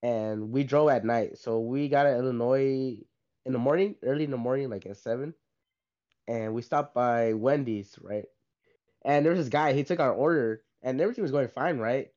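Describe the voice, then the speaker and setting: Young dude telling a story, lots of "like" and "right?", kinda muffled lo-fi audio. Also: male voice, mid-range voice, normal speed, darkish tone. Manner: rambling, says "right?" and "like" a lot. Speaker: podcast co-host. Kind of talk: casual storytelling. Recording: slightly dull lo-fi sound.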